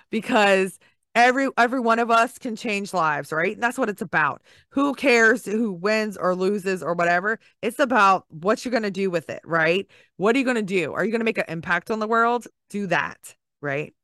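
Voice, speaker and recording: A woman's voice: on the low side, fairly bright tone, dry recording, studio quality. A woman hosting a podcast, talking in an upbeat, gushing, encouraging way with lots of fillers. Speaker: podcast host. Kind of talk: casual podcast monologue.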